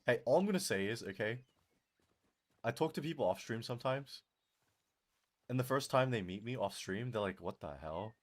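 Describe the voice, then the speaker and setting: Male streamer, lively swooping delivery, laughs a lot, voice worn from talking. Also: medium pitch, normal speed, pauses often. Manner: animated, laughs often, answers chat. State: strained, tiring voice. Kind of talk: casual live-stream chat.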